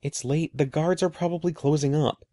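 A man voicing a young girl, an older sister who calms and gently teases her little brother. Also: on the high side, moderate pace, no room sound, lightly acted. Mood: reassuring. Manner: reassuring, gently teasing.

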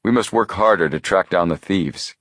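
A man voicing a calm, methodical teenage detective boy who explains his reasoning in a measured way. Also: deep voice, dry recording, studio quality.

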